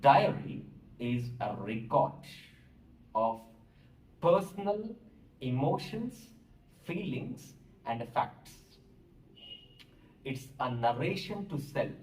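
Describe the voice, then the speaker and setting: A male teacher with an Indian English accent lectures at a very slow, deliberate pace, spelling words out letter by letter as he explains. His voice sits back from the mic in a roomy, echoing space, with a faint hiss underneath. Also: medium pitch, darkish tone, far from the mic. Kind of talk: classroom lecture.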